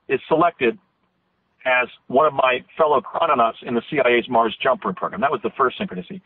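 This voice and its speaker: A slightly high, slightly rough male voice belongs to a man in his fifties, an interview guest telling a long story on a call-in radio show. He's earnest and rambling with many restarts, and the tinny phone line is dry with no echo.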